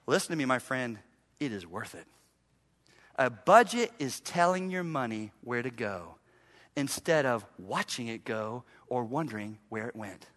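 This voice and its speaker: A male pastor preaching a sermon, lively and theatrical, acting out his listeners' excuses and then dropping to a quiet, intent voice. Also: mid-range voice, unhurried. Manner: animated preaching, mock voices of listeners, sudden drops to quiet. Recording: long reverb of a large hall.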